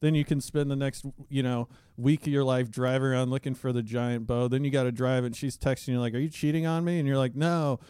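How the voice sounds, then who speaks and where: A man's voice: mid-range voice, little pitch movement, quick pace, few pauses, warm tone, clear, resonant tone, no echo, studio quality. A man co-hosting a comedy podcast, rambling through crude jokes and stories. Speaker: podcast co-host. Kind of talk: casual comedic chat.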